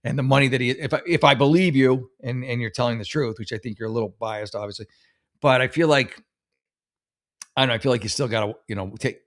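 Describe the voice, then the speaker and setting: Brief: man, mid-pitched, blunt and sarcastic, loose rambling commentary as a mock advice host. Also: a bit bright. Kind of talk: casual commentary on read-out posts.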